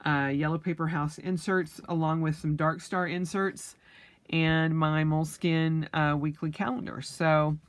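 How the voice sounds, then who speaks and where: A woman's voice: low voice, little pitch movement, a little slow, no room sound. A young adult woman chatting casually as a vlogger, full of ums and restarts, with the hiccups. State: has the hiccups. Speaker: planner vlogger. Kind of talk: casual flip-through chat.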